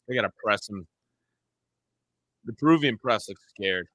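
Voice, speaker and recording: A man's voice: lowish voice, moderate pace, a bit bright, dry recording. A young man co-hosting a live football watch-along, full of casual jokes, teasing and blunt opinions. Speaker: co-host of a match watch-along. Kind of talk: casual sports banter.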